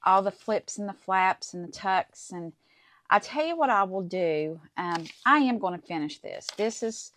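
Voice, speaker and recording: A woman's voice: mid-range voice, animated, measured pace, fairly bright tone. A middle-aged woman hosting a casual craft tutorial, chatting to viewers as she works through each step. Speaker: crafting channel host.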